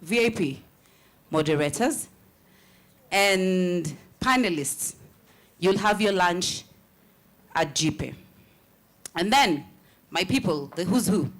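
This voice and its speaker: A woman's voice: lowish voice, animated, takes it slowly, long pauses. A woman acting as master of ceremonies, giving chatty, joking directions to delegates. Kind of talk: event announcements.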